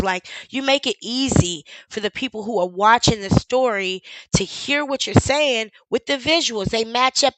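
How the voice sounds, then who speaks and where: A woman's voice: a little high, a bit bright, no echo, poor audio. A woman hosting a live stream, commenting over a video with sarcastic, incredulous questions.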